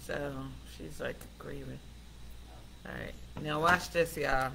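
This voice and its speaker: A woman hosting a casual live stream, chatty and excitable, talking straight to her viewers. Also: low-pitched, slow, vocal fry, a little hiss or hum. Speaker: host of a live affirmation stream.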